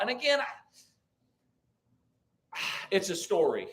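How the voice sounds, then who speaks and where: A man's voice: sits high, animated, normal speed, long pauses, fairly bright tone. A man teaching a church Bible class, thinking aloud with restarts, reading verses and asking the group questions. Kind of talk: conversational Bible study teaching.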